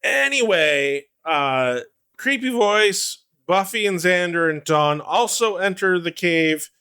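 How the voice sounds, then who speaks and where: A man co-hosting a podcast, recapping a TV episode in animated casual chat, laughing often and swearing. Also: high voice, slow pace, clear, resonant tone. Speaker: podcast co-host.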